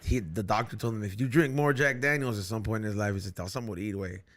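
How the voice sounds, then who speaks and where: A man's voice: fairly low pitch, fast, a bit bright. A man hosting a podcast in loose, rambling casual chat, swearing freely. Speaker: podcast host.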